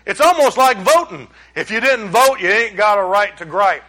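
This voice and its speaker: A man with a high, ringing voice preaches with a drawl. He sounds middle-aged, talking to his congregation in a folksy, plain-spoken way and pushing his points home with loud, emphatic bursts. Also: expressive, normal speed. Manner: folksy and emphatic, with rising exclamations. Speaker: pastor. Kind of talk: sermon.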